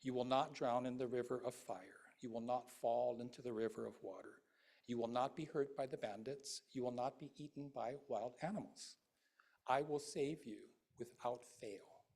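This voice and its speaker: Calm, reassuring Buddha, slow and soothing, husky, read by a male preacher. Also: mid-range voice. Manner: slow, soothing, fading to a whisper.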